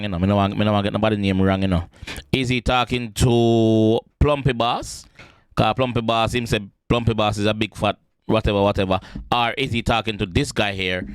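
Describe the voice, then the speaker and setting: A man's voice: lowish voice, clean tone, dry recording. Jamaican guy, young, reacts in chatty patois, dry close sound. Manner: chatty, animated, stammering. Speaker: reaction video host. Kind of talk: casual reaction commentary.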